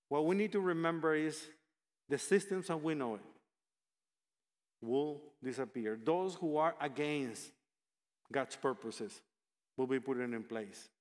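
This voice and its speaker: A man preaching a sermon, speaking in a measured, emphatic way and reading passages aloud. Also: mid-range voice, in a large hall.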